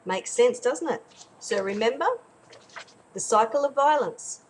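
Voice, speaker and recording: A woman, a parenting educator, tells a teaching story in an animated way and acts out the characters as she goes. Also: a little high, unhurried, slight background noise, poor audio. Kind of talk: storytelling lesson.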